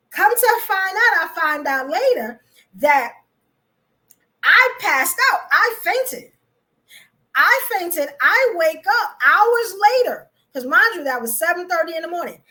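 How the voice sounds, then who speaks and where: Casting: young woman podcast host, high and bright voice, chatty storyteller who laughs a lot. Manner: animated, laughs often, many fillers.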